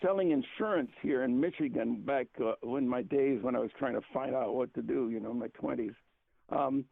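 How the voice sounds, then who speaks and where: A man's voice: mid-range voice, a little fast, creaky. An older man telling rambling family stories on a casual phone call, repeating himself and laughing often. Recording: tinny phone line, dry.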